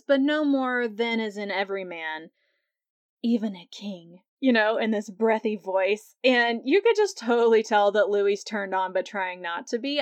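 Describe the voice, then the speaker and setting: A young woman hosting a podcast, recapping a TV episode in a casual, chatty way, laughing often and acting out quotes in a higher voice. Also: no echo. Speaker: podcast host.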